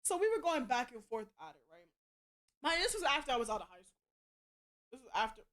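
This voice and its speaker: A woman's voice: fairly high pitch, sing-song, brisk, a bit bright. Blunt, cussing young woman streamer. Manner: blunt and heavy on profanity; rambling with frequent restarts. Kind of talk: casual chat.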